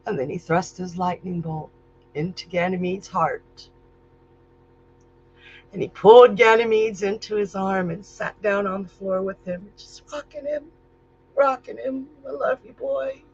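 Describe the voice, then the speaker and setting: A woman's voice: medium pitch, measured pace, slight background noise. A woman hosting a show, telling a myth in an emotional style that builds to intensity, on a dull, lo-fi recording. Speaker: storyteller and psychic host. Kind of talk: dramatic myth storytelling.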